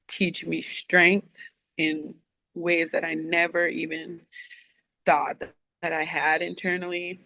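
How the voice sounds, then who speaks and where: A woman's voice: on the low side, vocal fry, sharp tone. A woman coach as an interview guest, answering in an earnest, reflective, heartfelt way.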